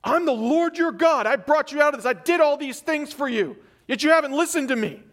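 A man's voice: very high-pitched, brisk, fairly bright tone, voice pushed up. A man in a sermon putting on a stern male God who scolds his people in a raised, sarcastic voice.

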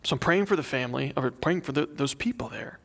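A man's voice: medium pitch, lively intonation, fairly quick, gravelly, fairly bright tone. A young adult man preaching a sermon, reading a prayer aloud and telling a story in an earnest, conversational way. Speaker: pastor.

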